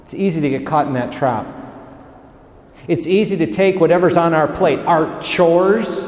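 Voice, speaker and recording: A man's voice: a little high, normal speed, darkish tone. A man preaching a sermon as a priest, emphatic and fond of stacking words into repeated series. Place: cathedral. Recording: echoey cathedral with long reverb.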